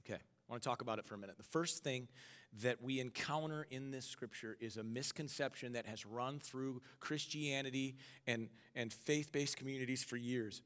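A man's voice: medium pitch, moderate pace, a bit bright. A man preaching a sermon in a conversational way, calling on the congregation to repeat words back to him. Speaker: pastor. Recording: long hall reverb with faint music.

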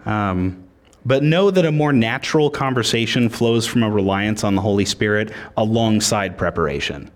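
A man preaching a sermon as pastor, conversational and joking. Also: medium pitch.

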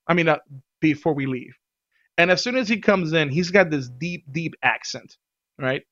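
Lively man telling a story, casual. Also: high voice, lo-fi sound. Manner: animated, laughs often, acts out quotes.

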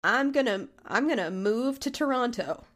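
A woman's voice: fairly high pitch, lively intonation, normal speed, fairly bright tone. A woman co-hosting a podcast, talking in a candid, casual way with a nasal, congested voice and frequent laughs. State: congested, intermittent coughing. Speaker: podcast co-host, therapist. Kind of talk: casual chat.

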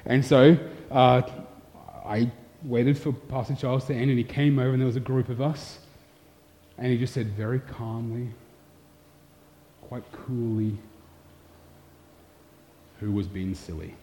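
Warm-voiced man preaching in a reverberant hall. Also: mid-range voice, flat delivery, unhurried, pauses often. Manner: candid, self-deprecating storyteller. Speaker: pastor. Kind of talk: sermon with personal storytelling. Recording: long hall reverb, dull sound.

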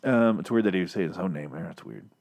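A man with a lowish voice talks through a TV episode in a loose, rambling way. He swears freely and restarts his sentences often, in a relaxed conversational flow. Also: quick pace, creaky. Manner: rambling, profane, many restarts. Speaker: podcast host reviewing a TV episode. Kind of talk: casual review chat.

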